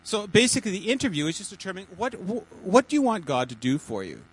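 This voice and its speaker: A man, a pastor, giving informal teaching to a small church group in a halting, chatty way, with many repeated words and restarts. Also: sits high, very animated, slightly rough, low-quality recording. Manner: chatty, jokey asides.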